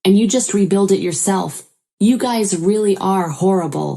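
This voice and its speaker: A woman's voice: medium pitch, normal speed, creaky, dark tone, natural voice. A woman voicing a fierce, protective young sister-in-law who scolds and demands answers. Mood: cold.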